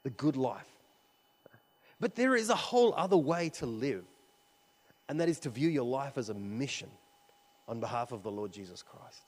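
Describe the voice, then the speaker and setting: A man's voice: mid-range voice, animated, moderate pace, pauses often. A man preaching a sermon, telling a story in a conversational way with frequent fillers and restarts. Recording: long hall reverb.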